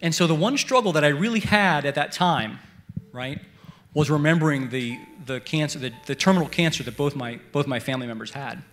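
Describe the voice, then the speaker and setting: Guest preacher, man, middle-aged, animated storyteller, drops to hushed prayer then surges loud. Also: on the high side, fairly quick, soft background music. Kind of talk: sermon. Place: church service.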